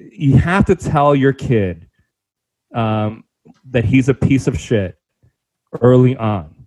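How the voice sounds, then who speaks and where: A young man from the South Bronx, New York co-hosts a podcast, ranting sarcastically in a casual comedic chat and mocking slang in put-on voices. His mid-range, darkish voice is expressive and slow with frequent pauses, and the recording is rough.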